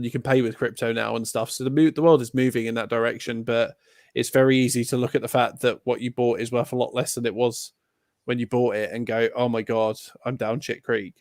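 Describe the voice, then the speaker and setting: A man in a casual chat talks things through in a relaxed, earnest way as a guest. His voice sounds dry and close to the mic, with no room echo. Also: mid-range voice, brisk.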